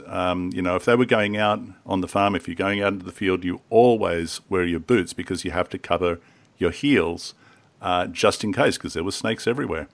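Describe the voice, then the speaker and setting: A man with a low, gravelly voice reads scripture with firm emphasis and then shifts into easygoing talk. His voice sounds close and dry. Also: no echo. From Australia. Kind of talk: conversational scripture discussion.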